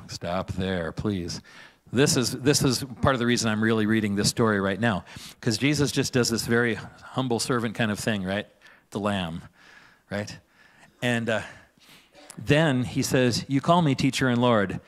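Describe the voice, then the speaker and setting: A man's voice: on the low side, moderate pace. A man preaching in a church, casual and chatty, often asking "right?" and laughing as he talks. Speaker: pastor. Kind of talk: conversational sermon.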